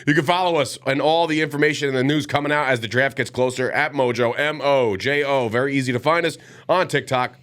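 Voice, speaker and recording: A man's voice: mid-range voice, brisk, hardly any pauses, a bit bright, smooth. Male sports show host, stuffy nasal voice, rambling casual delivery, corrects himself a lot. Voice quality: nasal today, sniffly. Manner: loose, rambling, self-correcting.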